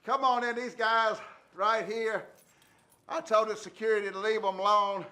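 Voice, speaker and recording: High, bright-voiced man hollering. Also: level tone, normal speed. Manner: loud, theatrical, shouting bits. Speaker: sports radio host. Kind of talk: rowdy sports talk radio.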